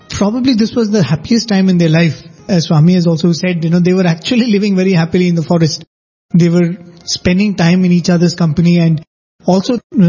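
A man's voice: high-pitched, mellow, breathy edge, dull audio. A man in a devotional discussion, explaining episodes at length with frequent asides.

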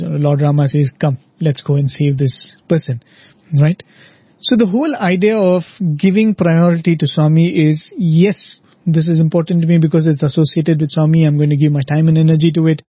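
A man's voice: sits high, warm tone, husky, no echo. A man giving a reflective devotional talk, explaining through stories and often checking in with "right?". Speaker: devotional speaker. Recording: dull lo-fi recording.

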